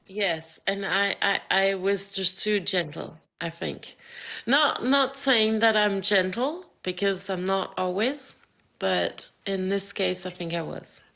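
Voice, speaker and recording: Bright-voiced woman in halting casual chat. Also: medium pitch, vocal fry. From France. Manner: halting, repeats words, apologetic. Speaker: guest on a live stream. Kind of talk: casual live-stream chat.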